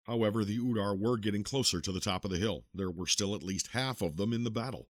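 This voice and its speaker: A man narrating an audiobook in a steady, measured storytelling manner, recorded close to the mic. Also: fairly low pitch, no room sound.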